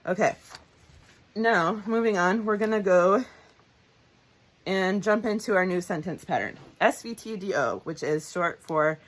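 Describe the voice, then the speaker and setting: A woman's voice: medium pitch, expressive, a little slow, pauses often, low-quality recording. A woman tutor giving a casual, upbeat grammar lesson, often correcting herself as she goes. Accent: Southern American. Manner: chatty, upbeat, self-correcting. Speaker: homeschool tutor. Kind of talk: recorded grammar lesson with scripture reading.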